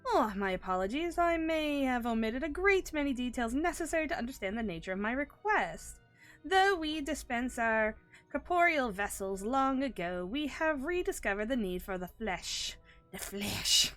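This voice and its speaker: A woman's voice: high-pitched, expressive, normal speed, a bit bright, faint music behind, voice pushed up. A woman voicing a formal, long-winded alien ether being, reading its game lines in a stiff, pedantic manner. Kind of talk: reading game dialogue aloud in a put-on voice.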